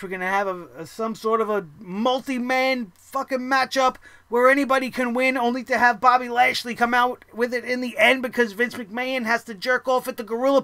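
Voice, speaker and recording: A man's voice: extremely high pitch, no room sound. A man hosting a wrestling review show, ranting heatedly and swearing often. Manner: profane, heated, animated ranting.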